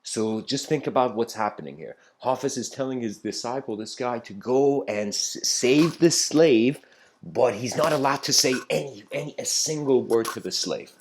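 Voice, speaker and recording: A man's voice: mid-range voice, expressive, normal speed, darkish tone, slight background noise. A man giving a spiritual talk, retelling an old story in a loose, conversational way with many fillers and restarts.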